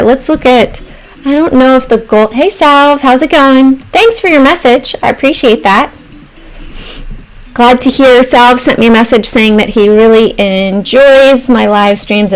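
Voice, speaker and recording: A woman with a fairly high voice hosts a casual stock trading livestream. She walks through charts, thinking aloud with pauses and trailing phrases. Now and then she breaks off to answer messages from viewers in the chat. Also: low-quality recording.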